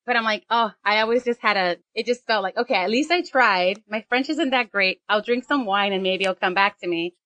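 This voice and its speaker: A woman in her forties telling a travel anecdote on a casual podcast, animated and self-mocking. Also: medium pitch, brisk, few pauses, dry recording. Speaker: podcast co-host. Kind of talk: casual storytelling chat.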